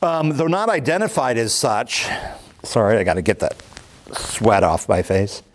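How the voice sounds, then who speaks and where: In a medium-pitched, sing-song voice, a man reads a commentary aloud for his Bible study group. He explains it slowly and without hurry, using plenty of ums and uhs.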